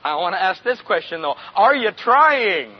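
Husky high-voiced older male preacher. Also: big pitch swings, moderate pace. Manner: folksy, questions the congregation, chuckles often. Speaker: pastor. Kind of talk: sermon. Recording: dull lo-fi recording.

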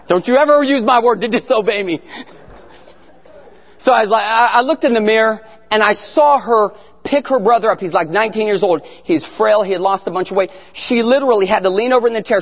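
Guy with a high voice telling his testimony loud and animated, echoey hall, kinda muffled. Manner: animated storytelling, shouting prayers. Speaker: guest speaker. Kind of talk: testimony sermon.

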